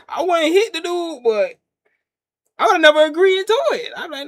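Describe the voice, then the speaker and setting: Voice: high-pitched, very animated, normal speed. A show reviewer casually retelling a scene in slangy talk, laughing often and acting out quotes.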